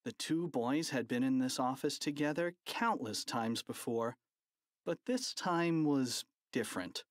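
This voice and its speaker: A narrator reading a children's audiobook with an animated, playful delivery. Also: medium pitch, measured pace, no echo, studio quality.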